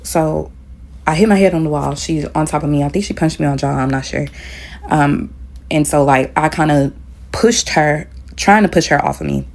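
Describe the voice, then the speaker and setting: A woman's voice: sits low, very animated, moderate pace, a little mellow. A woman telling a story in a casual storytime style, retelling it with animation and acting out the quoted dialogue.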